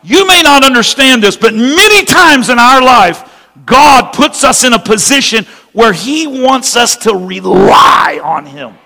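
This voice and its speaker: A male pastor preaching a sermon as a story, moving from hushed narration to shouted praise. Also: very high voice, expressive, unhurried. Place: church sanctuary. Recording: long reverb of a church hall.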